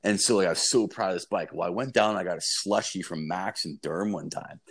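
A man's voice: sits low, fast talker, breathy edge. A young man telling a long, profane, rambling story in casual chat.

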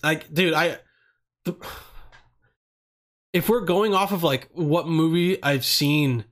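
A young man talks on his own in a loose, rambling way, swearing freely and restarting his sentences. His voice sits a little higher than most men's. He sounds relaxed and chatty. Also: slow. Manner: rambling, profane, laid-back. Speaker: vlogger answering questions. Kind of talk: casual monologue.

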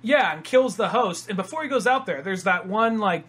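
A man hosting a casual podcast chat, rambling and acting out other people's lines in quick impressions. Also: high voice, lively intonation, a bit bright, husky. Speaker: podcast host.

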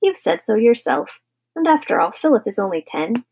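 A woman doing a gentle indulgent mother. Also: medium pitch, very animated, normal speed, husky. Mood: soothing. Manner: soft, soothing.

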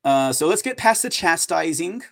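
A man's voice: a little high, expressive, normal speed, creaky, fairly bright tone. A man hosting an opinion news show, talking in a sarcastic, mocking way.

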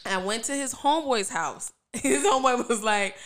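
A young woman co-hosting a casual podcast chat with her husband, animated, teasing and cursing freely. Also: on the high side, moderate pace. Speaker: podcast co-host.

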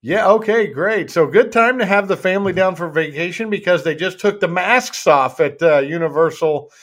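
A man's voice: sits high, moderate pace, fairly bright tone. A man hosting a talk radio show, upbeat and jokey as he interviews a guest.

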